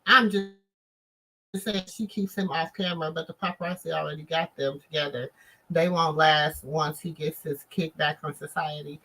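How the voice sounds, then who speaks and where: A woman's voice: deep voice, steady tone, normal speed, fairly bright tone, slightly rough, low-quality recording. A woman in AAVE giving chatty commentary to her viewers, full of asides.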